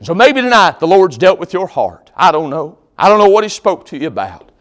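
A man preaching in a church sanctuary with a high, very animated voice that swoops up for scripture. He recites passages in a loud, ringing way, then drops into folksy asides and a gentle altar call. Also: fairly quick. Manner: folksy, conversational asides to the congregation.

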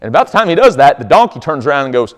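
A man preaching a storytelling sermon in a folksy, animated manner, with chuckles. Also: on the high side, racing. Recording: long hall reverb.

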